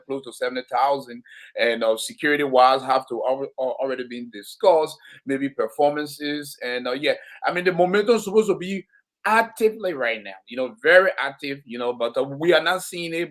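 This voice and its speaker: Man, talk show host, frequent fillers, stop-start questions. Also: mid-range voice. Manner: halting, many fillers and restarts.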